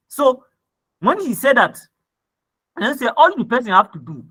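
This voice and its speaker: A man's voice: very high voice, big pitch swings, moderate pace, pauses often, pushed and bright, breathy edge. A man with a Nigerian accent teaching copywriting, who reads ad copy aloud and then breaks it down, often checking in with "right?" and "okay?". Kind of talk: screen-share lesson reviewing ad copy.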